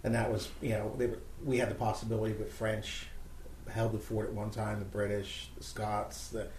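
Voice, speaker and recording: A man's voice: lowish voice, little pitch movement, normal speed, darkish tone. A male host chatting casually and easily about ghost hunting. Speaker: podcast host. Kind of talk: casual chat. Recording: roomy with faint background noise.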